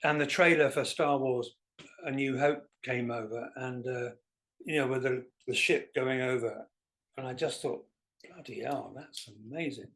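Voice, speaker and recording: A man, a guest musician telling self-deprecating stories in a relaxed interview. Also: mid-range voice, normal speed. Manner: animated anecdotal, self-deprecating. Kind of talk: casual storytelling interview.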